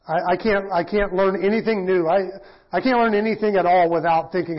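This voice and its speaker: A middle-aged pastor teaching in a casual, self-deprecating sermon, often acting out quoted voices. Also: male voice, high voice, steady tone, brisk. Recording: dull lo-fi church audio.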